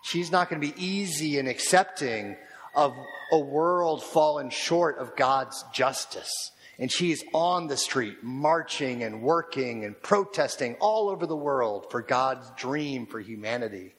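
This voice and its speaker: Unhurried male pastor in an echoing hall. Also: mid-range voice, expressive, fairly bright tone. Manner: slow, measured, reflective, repeated rhetorical questions. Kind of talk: sermon. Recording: long reverb of a large hall.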